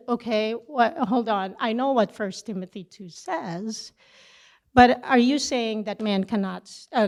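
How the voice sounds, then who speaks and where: A middle-aged woman teaching a church session, telling a personal story with lively back-and-forth dialogue. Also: fairly high pitch. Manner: animated storytelling, acting out both sides of a conversation.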